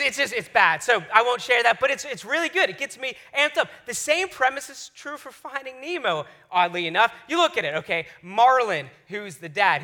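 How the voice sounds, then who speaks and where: A man in his thirties preaching a casual, enthusiastic sermon as a pastor. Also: high-pitched. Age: 30s. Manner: energetic, enthusiastic storytelling.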